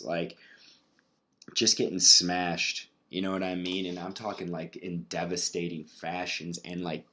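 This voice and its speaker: A man with a very low voice talks alone on his podcast, swearing freely. He rambles and restarts his sentences as he works through his thoughts. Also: fairly bright tone. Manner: rambling, profane, restarts often. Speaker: podcast host. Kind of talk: casual solo podcast monologue.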